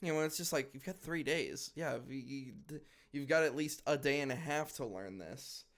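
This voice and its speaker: A man's voice: mid-range voice, moderate pace, fairly bright tone. Man, podcast co-host, casual chat, argumentative, restarts sentences.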